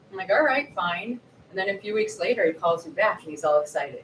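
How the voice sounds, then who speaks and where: Woman, 40s, author guest at a live event; lively, acts out quotes; mic a bit far, roomy echo, faint hiss. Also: medium pitch, fast talker, hardly any pauses. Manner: lively, animated storyteller acting out quotes. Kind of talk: storytelling at a live book event. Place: bookshop event space.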